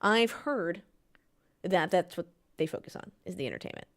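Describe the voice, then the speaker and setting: A woman's voice: fairly low pitch, expressive, moderate pace, fairly bright tone. A woman with an American accent, hosting a podcast and chatting casually, reading out viewer comments. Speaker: podcast host. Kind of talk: casual chat.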